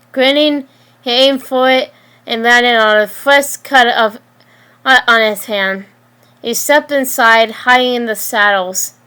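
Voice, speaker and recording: A woman reading her own story aloud, halting, with frequent restarts and slips. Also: a little high, sharp tone, clean tone.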